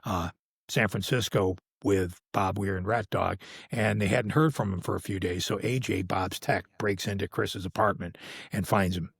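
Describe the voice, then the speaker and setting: An older man, a podcast guest, telling a long anecdote in casual conversation and acting out the quoted voices with sudden loud exclamations. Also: deep voice, moderate pace, gravelly, husky, no room sound, studio quality. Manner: animated, acts out quoted dialogue with sudden raised exclamations. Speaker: podcast guest, veteran live sound engineer.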